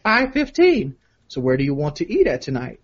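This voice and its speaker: Guy putting on a high girly voice for a short-tempered young woman, flat and clipped, lo-fi. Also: normal speed, husky, exaggerated voice. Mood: curt. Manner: flat clipped replies in a falsetto. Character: texting young woman, curt and evasive.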